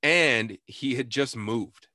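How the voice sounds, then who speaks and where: A man in casual chat, telling a bar story in an animated, profane way, laughing and acting out what people said. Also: medium pitch, takes it slowly, no echo, studio quality. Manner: animated, profane, laughs often, acts out quotes.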